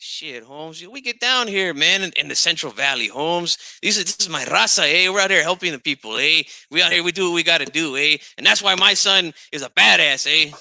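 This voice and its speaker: A brash, boastful older Chicano boxing dad, as a man puts him on, barking trash talk in a Chicano English accent. His voice sits high and gravelly, with a sharp, bright edge. The sound is close and dry. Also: expressive, a little fast, few pauses, dry recording, exaggerated voice. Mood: defiant. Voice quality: gravelly, tags nearly every line with "eh?" and "Holmes". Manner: indignant, trash-talking. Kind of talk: comedic impression on a boxing talk show.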